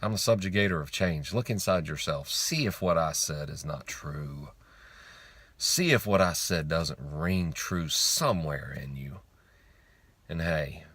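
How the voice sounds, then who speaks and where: Low-pitched and fairly bright, a man's voice carries an informal motivational monologue on faith and money. This online speaker is blunt and emphatic, swearing casually and repeating lines for effect.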